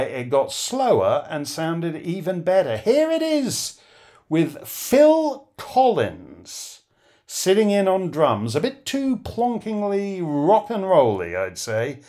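A man's voice: fairly high pitch, big pitch swings, slow pace, a little mellow. A man hosting a radio show, talking in a wry, conversational monologue with chuckles and asides. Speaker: radio host. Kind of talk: spoken commentary monologue.

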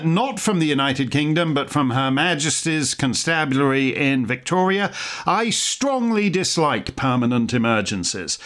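A man's voice: on the high side, a bit bright. A middle-aged man hosting a commentary show, delivering sarcastic, mocking scripted remarks with dry wit.

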